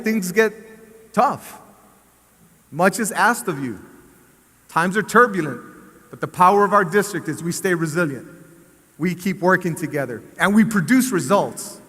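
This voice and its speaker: A man, a school district superintendent giving an animated motivational speech and telling a story to a staff assembly. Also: high-pitched. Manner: animated storyteller, rising to cheering shouts. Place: large assembly hall. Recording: echoey hall with long reverb.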